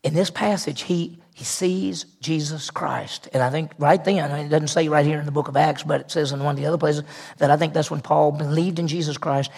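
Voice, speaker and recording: A man's voice: on the high side, gravelly, darkish tone, slightly rough. A man preaching a sermon in a conversational way, with asides and repeated phrases. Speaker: pastor.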